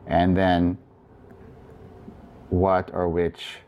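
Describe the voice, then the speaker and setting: A man teaching a recorded grammar lesson, explaining slowly and deliberately, with frequent fillers and restarts. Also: low voice, monotone, a little mellow, smooth, highs cut off. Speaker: Greek instructor. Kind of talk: recorded lecture.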